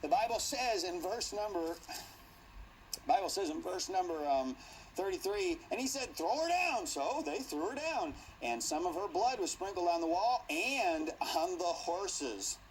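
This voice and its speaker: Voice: mid-range voice, expressive, a little slow, slight background noise, rough recording. A Bible teacher telling a Bible story to a class in a playful, theatrical way, laughing and acting out the scenes.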